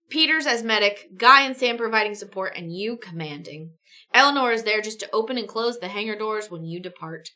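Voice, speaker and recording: A woman's voice: medium pitch, sharp tone. A young woman streaming a choose-your-own-adventure reading, chatty, breaking off with laughing asides. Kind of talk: live-stream story reading.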